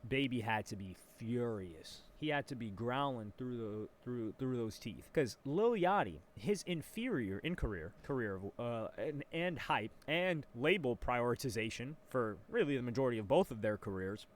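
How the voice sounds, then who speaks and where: A man's voice: medium pitch, lively intonation, normal speed, hardly any pauses. A man reading out messages and reacting with incredulous, mocking asides in casual reaction commentary.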